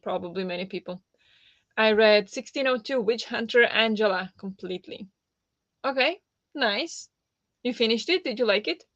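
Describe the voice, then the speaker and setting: A woman's voice: on the high side, lively intonation, moderate pace, long pauses, fairly bright tone, no echo. Chatty woman on a dull, dry mic. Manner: chatty, filler-heavy, reacting to viewer comments. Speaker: livestream host. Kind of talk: casual livestream chat.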